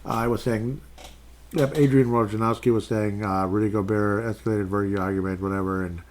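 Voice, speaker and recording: Male podcast host, lower register, loose and chatty, reads fan comments on air. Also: fairly even intonation, fairly quick, darkish tone. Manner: rambling, chatty, reads fan posts aloud. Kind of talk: casual solo sports podcast.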